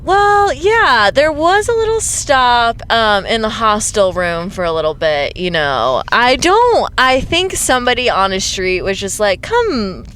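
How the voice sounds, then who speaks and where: A woman's voice: on the high side, sing-song, a little slow, few pauses, a bit bright, a little hiss or hum. A young woman telling a wild travel story as a passenger in a car, chatty, giggly and full of "like". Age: young adult. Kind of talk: casual storytelling. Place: inside a car.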